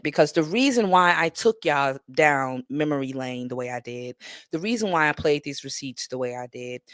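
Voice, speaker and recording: A woman's voice: low-pitched, dry recording, clean studio sound. A woman hosting a live stream, chatting and laughing with viewers. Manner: animated, laughs often, talks straight to viewers. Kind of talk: casual commentary chat.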